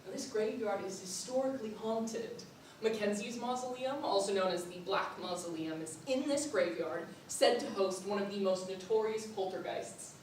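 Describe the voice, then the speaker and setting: A young woman performing a playful, animated storytelling monologue on stage, laughing often. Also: medium pitch, moderate pace, slight background noise. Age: young adult. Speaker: student performer. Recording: echoey hall from far off.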